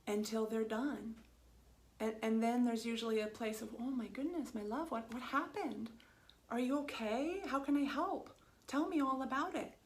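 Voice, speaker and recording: A middle-aged woman psychotherapist, talking to viewers in a gentle, reflective way, soft, slow and soothing, with many pauses. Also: medium pitch, gravelly. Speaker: holistic psychotherapist.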